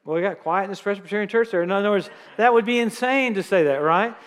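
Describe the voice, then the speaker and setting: A man's voice: high voice, fast, clear, resonant tone. A middle-aged man preaching a sermon in a church, telling stories and joking with the congregation before praying. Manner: lively, jokes with the audience. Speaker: guest preacher. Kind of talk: sermon with storytelling. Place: church sanctuary. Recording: church hall reverb.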